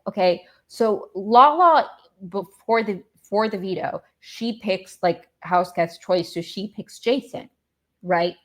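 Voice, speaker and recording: Rambling, exasperated podcast woman, slightly low. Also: moderate pace. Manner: rambling, exasperated, goes off on tangents. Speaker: podcast host. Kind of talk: casual reality-show recap.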